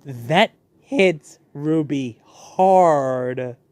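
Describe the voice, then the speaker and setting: A young man chatting excitedly while reviewing a show, animated and full of fillers. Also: fairly high pitch, extremely slow, no room sound. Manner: excitable, animated, many fillers and re-enacted quotes. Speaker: channel host reviewing a show. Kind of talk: casual review chat.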